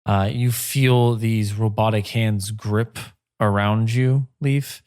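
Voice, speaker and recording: A man narrating as game master of a tabletop game, slow and halting with many fillers. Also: on the low side, steady tone, a little mellow, clean tone, dry recording, studio quality.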